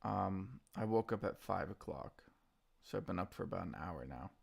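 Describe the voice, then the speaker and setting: A tired man streaming his stock trades, talking in a quiet, subdued morning voice and reading out viewers' names in a laid-back way. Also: low-pitched, lively intonation, moderate pace, vocal fry, slightly rough. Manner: laid-back, reads chat names aloud. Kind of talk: casual live-stream chat.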